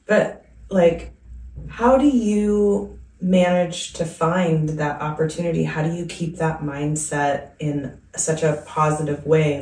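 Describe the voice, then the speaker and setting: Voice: mid-range voice, a little mellow, far from the mic. Encouraging podcast host in an echoey room. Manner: encouraging, frequent affirmations. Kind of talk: casual podcast interview.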